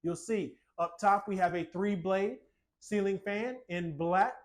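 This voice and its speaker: A man with a high-pitched, slightly slow voice gives a walkthrough tour indoors of a small tiny house. He talks in a playful, colloquial sales patter as he shows off the home.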